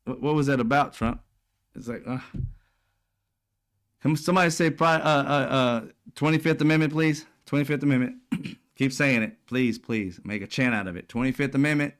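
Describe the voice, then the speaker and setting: A man's voice: mid-range voice, normal speed, pauses often, a bit bright. A man hosting casual political commentary, talking bluntly with profane slang and a mocking, sarcastic edge. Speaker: commentary channel host.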